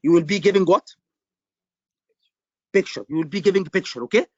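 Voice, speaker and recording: A man's voice: sits high, brisk, no room sound, highs cut off. A man tutoring medical students in a live online lecture. He keeps repeating his questions and stresses the key points. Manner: repetitive, quizzing students, emphatic.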